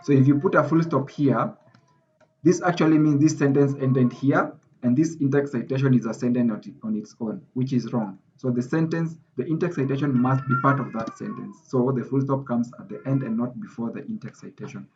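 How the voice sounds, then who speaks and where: A man's voice: mid-range voice, a little fast, darkish tone. A man teaching an online class, emphatic and repeating his points for stress, heard over a video call. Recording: slightly dull video call audio.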